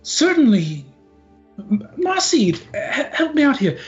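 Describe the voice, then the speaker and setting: A man's voice: sing-song, slow pace, muffled recording, soft background music, full character voice. A man voicing a pompous, self-pitying wealthy male merchant in a tabletop game, talking in an airy, giggling way. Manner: airy, high-pitched, breaks into giggles.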